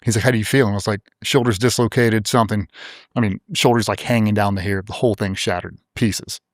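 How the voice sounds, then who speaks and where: Man, middle-aged, lowish voice, blunt and profane, dry close studio sound, interview storytelling. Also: fairly even intonation, fast, dry recording. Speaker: interview guest, former special operator.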